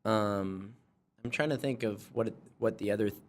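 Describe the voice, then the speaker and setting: A young man hosting a podcast, talking loudly in casual chat and often restarting his sentences. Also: fairly low pitch, moderate pace. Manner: loud, rambling, with many restarts. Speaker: podcast host.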